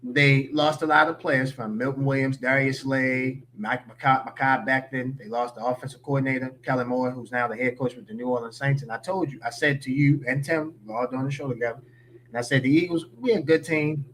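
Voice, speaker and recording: A man's voice: mid-range voice, fairly even intonation, brisk, a bit bright, slight background noise. A man giving opinionated, slangy sports talk as a podcast guest.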